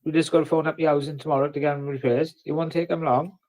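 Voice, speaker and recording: A man's voice: fairly high pitch, flat delivery, fast talker, a little mellow. A man hosting a casual livestream, ranting and swearing in between jokes. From Wales. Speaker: livestream host.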